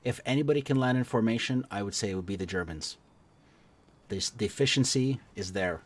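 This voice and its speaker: Lively, low-voiced man calling a live stream. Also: brisk. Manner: upbeat, joking banter. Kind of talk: live play-by-play commentary.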